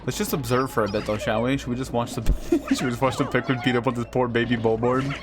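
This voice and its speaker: A man's voice: mid-range voice, fast talker, noisy background. Joking, swearing male game streamer. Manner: profane, joking, laughs often. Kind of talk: casual gameplay commentary.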